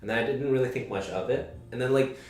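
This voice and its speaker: A man's voice: medium pitch, fast, a little mellow. A man in his twenties hosting a casual group conversation, telling a personal story in a rambling way, full of "like" fillers. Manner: rambling, heavy use of "like" fillers. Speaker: podcast host. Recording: roomy echo.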